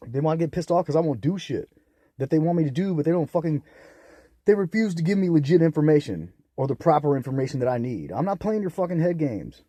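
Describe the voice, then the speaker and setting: A man's voice: mid-range voice, expressive, fast talker, no echo. Bitter, swearing young man ranting. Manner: profane, bitter and ranting, with loud outbursts. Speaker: vlogger. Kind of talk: angry solo rant to camera.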